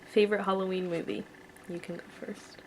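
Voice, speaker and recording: A woman's voice: medium pitch, little pitch movement, a little fast, a little hiss or hum, rough recording. A young woman hosting a casual chat video at home, reading out questions in a chatty, teasing way. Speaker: vlogger host.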